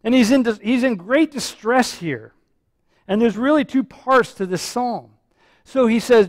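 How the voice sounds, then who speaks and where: A man delivers a sermon as pastor in a high voice. He speaks earnestly, repeating himself and restarting phrases. The sound is dry and close, with no room echo. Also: measured pace. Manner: earnest, repetitive, frequent restarts and fillers.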